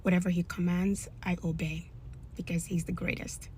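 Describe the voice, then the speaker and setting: A woman gives an emphatic, devout personal testimony. Her voice sits fairly low. A faint noise runs underneath. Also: flat delivery, moderate pace, a little mellow. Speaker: storyteller.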